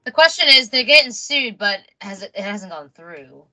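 A woman's voice: a little high, expressive, moderate pace, sharp tone, soft background music, poor audio. A woman co-hosting a podcast in a casual chat. She makes matter-of-fact points and dry asides. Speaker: podcast co-host.

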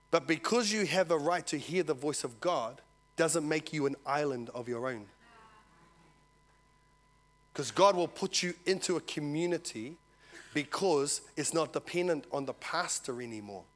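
A male pastor, preaching a sermon to his church, telling a story and acting out the voices in it. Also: on the high side. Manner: animated storytelling, acts out dialogue, asks congregation "Amen?".

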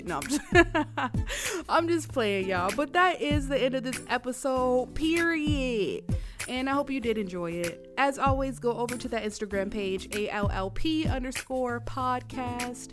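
A woman's voice: a little high, animated, measured pace, over music. A young woman hosting her own podcast, talking candidly and casually to her listeners, whom she calls y'all. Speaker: podcast host. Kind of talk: casual solo podcast monologue.

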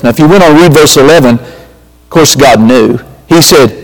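A pastor preaching a sermon with emphatic, repetitive call-outs to his congregation. His voice sits a little high for a man and rings out with a long hall reverb, as if recorded in a church sanctuary. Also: moderate pace.

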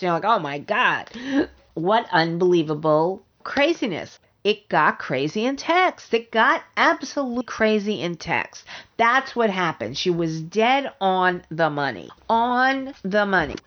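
Blunt, emphatic middle-aged woman podcaster. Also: mid-range voice. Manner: emphatic, blunt, repeats points for stress. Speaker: podcast host. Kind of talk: opinionated solo podcast talk. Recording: slightly dull lo-fi recording.

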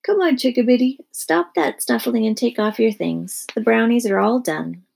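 A woman voicing a patient but weary mother of four, brisk and soothing. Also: fairly high pitch, gravelly, a little mellow, husky, exaggerated voice.

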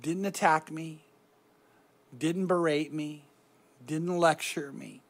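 A middle-aged man giving a reflective devotional talk on meditation, soft-spoken and often trailing off quietly. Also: a little high, steady tone, slow pace. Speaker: Christian speaker guiding meditation.

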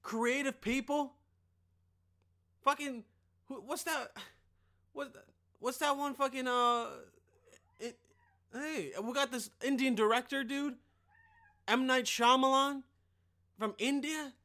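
A man's voice: very high-pitched, fairly even intonation, slow, pauses often, sharp tone. A young man hosting a podcast, rambling and joking with lots of swearing. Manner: rambling, profane, jokey. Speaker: podcast host. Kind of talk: casual podcast monologue.

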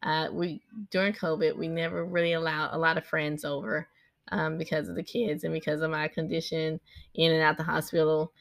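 A woman in her thirties talks in a casual, rambling way about her family, often breaking off to speak to her children. Her voice is bright with a slightly gravelly edge. The sound is dry and close. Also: deep voice, level tone, fairly quick, no room sound. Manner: rambling and chatty, breaks off to direct her kids. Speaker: mother recording a podcast vlog. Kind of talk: casual personal chat.

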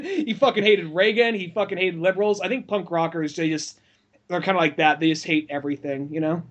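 Casual male podcaster with a high voice. Rambling and profane, with lots of restarts. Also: a bit bright. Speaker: podcast co-host or guest. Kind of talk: casual chat.

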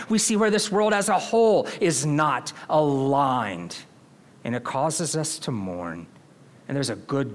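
A pastor preaching a sermon in an earnest, conversational way, often asking the congregation questions. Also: male voice, fairly high pitch.

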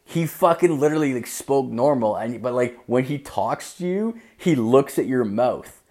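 A man's voice: mid-range voice, lively intonation, moderate pace, a little mellow. Rambling, profane man telling a story. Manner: profane and rambling, leaning on filler "like". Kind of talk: casual storytime rant.

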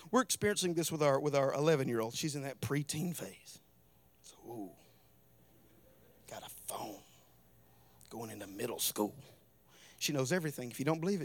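High-voiced Southern preacher. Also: male voice, expressive, normal speed, pauses often. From American South. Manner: preaching with rising fervor and shouted climaxes. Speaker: pastor. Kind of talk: sermon. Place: church.

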